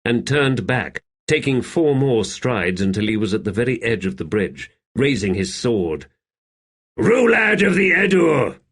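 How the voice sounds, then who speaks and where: A man narrating a fantasy audiobook in a steady, measured reading. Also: fairly low pitch. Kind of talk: scripted narration.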